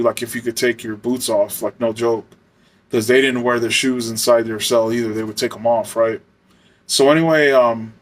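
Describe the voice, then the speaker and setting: A man, a former corrections officer, telling a rambling prison story in a casual way, full of fillers and swearing. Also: mid-range voice. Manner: rambling, lots of filler words and profanity.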